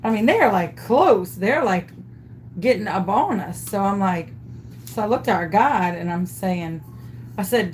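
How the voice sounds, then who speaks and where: A woman's voice: medium pitch, measured pace. Woman vlogger, chatty and self-amused storyteller, mid-range voice, faint room hiss. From Louisiana. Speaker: craft vlogger. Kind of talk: storytelling while crafting.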